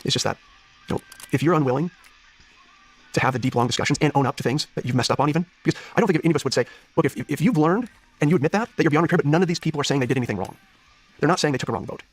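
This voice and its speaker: Male candidate, 30s, earnest and searching, quick delivery, slightly husky tone. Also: on the high side, expressive, soft background music. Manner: earnest, searching, many restarts. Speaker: political candidate, guest. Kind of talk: interview conversation.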